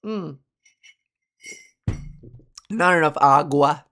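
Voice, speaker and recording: A woman's voice: very slow, a bit bright. A woman hosting her own podcast in a rambling, self-deprecating monologue, with a scratchy, slightly sore voice and plenty of swearing. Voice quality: scratchy low voice. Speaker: podcast host. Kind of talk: casual solo monologue.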